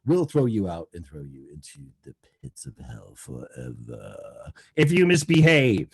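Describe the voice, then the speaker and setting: A man hosts a casual audio stream from home, rambling and sarcastic with plenty of swearing. His voice sits low but jumps around a lot in pitch. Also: wildly swooping pitch, unhurried, gravelly, breathy edge. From Colorado. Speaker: host of a live talk stream. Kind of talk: casual live-stream talk show.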